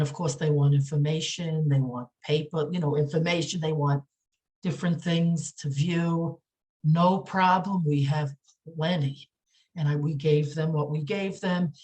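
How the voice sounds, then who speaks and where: Woman, low pitched, podcast guest, indignant, halting, many fillers, repeats words for emphasis. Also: steady tone, mellow. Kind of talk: emotional podcast interview.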